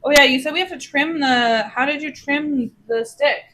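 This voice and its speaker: A woman's voice: high voice, moderate pace, background noise. A woman chatting playfully and teasing while she cooks on a stream in her home kitchen. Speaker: cooking streamer. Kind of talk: casual cooking stream chat.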